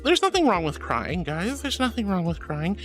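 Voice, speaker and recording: A man's voice: high-pitched, moderate pace, faint music behind. A man streaming a casual chat, reading viewer messages and answering them in a gushing, affectionate way. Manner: gushing and affectionate, calls viewers sweetie and honey; excitable, gasps and laughs often.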